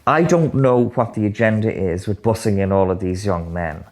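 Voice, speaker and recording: Man, documentary interviewee, insistent, questioning, lowish voice. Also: moderate pace, darkish tone. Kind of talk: conversation.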